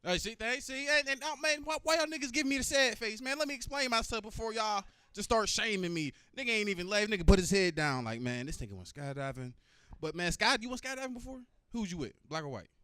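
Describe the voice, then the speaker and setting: A man's voice: high-pitched, animated, fast talker, hardly any pauses, pushed and bright, clean tone, dry recording. A man doing a stand-up comedy set, talking loosely and profanely and working the crowd.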